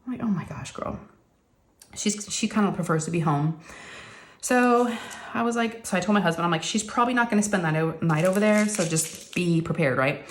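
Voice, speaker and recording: Chatty woman, lowish voice. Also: fairly quick. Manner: rambling, addresses viewers as y'all, uses many fillers. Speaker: crafting channel host. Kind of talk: casual chatty storytelling.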